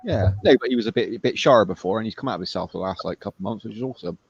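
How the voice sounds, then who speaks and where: A man's voice: fairly low pitch, rapid-fire, breathy edge. A man hosting a casual online group chat, easygoing and teasing, often laughing. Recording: dull, dry call audio.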